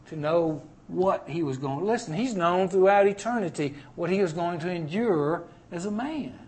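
A man preaching a sermon, dropping to hushed, low tones and then rising to loud, impassioned climaxes.

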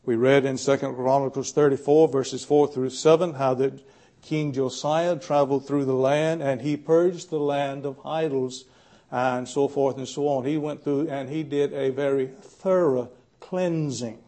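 A man preaching a Bible study sermon in a plainspoken, folksy way, pausing often to gather his thoughts. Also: medium pitch, fairly even intonation, dark tone. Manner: folksy, plainspoken with frequent "uh" pauses.

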